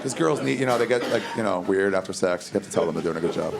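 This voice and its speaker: A man in his thirties doing a stand-up comedy set on a club stage, telling crude stories in a deadpan way and breaking into loud acted outbursts. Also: low voice, very fast, gravelly, very noisy. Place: comedy club stage before a live audience. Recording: live club recording, loud laughing crowd.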